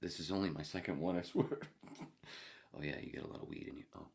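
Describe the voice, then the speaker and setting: A middle-aged solo podcaster talks fast in a low, steady voice that is a little mellow with a breathy edge. He rambles through self-deprecating stories, reads the live chat aloud, and slips into whispers and laughter.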